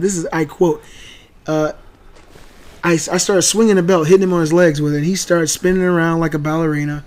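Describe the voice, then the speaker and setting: Animated man telling a story. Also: fairly high pitch. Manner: animated, loudly acting out quoted lines. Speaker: channel host and father. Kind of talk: casual storytelling.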